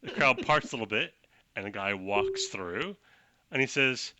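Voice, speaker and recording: A man narrating as game master, playful and quick to laugh. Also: mid-range voice, lively intonation, noisy background.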